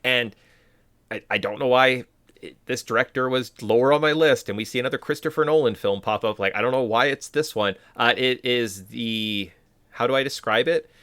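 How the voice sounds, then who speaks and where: A man's voice: mid-range voice, moderate pace, fairly bright tone, smooth, no echo. A man co-hosting a casual podcast, rambling through filler words and mock quotes. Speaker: podcast co-host. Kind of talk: casual chat.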